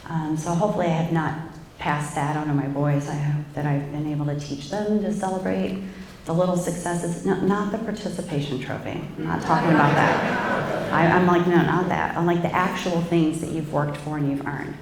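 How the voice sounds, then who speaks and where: Middle-aged woman, candid stage speaker with a deep voice, roomy theatre echo. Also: steady tone, moderate pace, slight background noise. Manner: candid, self-reflective, loose with fillers. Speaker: guest speaker. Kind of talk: candid personal talk to a live audience.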